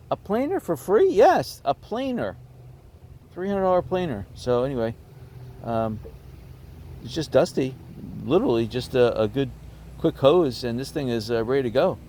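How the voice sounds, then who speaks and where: A man's voice: medium pitch, moderate pace, pauses often, a little hiss or hum. Chatty man showing off bargains. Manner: chatty, hesitant with many ums, excited about bargains. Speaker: garage sale vlogger. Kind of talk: casual show-and-tell vlog.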